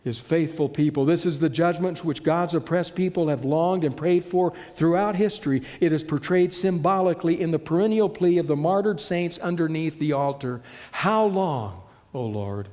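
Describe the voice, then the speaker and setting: Male preacher, a touch high-pitched, dramatic sermon delivery with hushed emphasis, echoing hall sound. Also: normal speed, few pauses. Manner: dramatic shifts between loud and hushed delivery.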